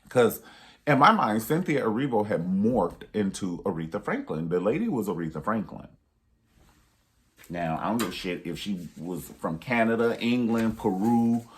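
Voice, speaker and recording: A sassy man talks through a movie review in a loose, emphatic monologue. His voice sits very low, and he leans on repetition and playful pet names to drive his points home.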